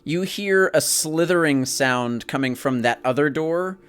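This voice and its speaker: A man's voice: on the high side, a little slow, fairly bright tone, smooth. A man narrating a tabletop role-playing game as game master, with vivid descriptions.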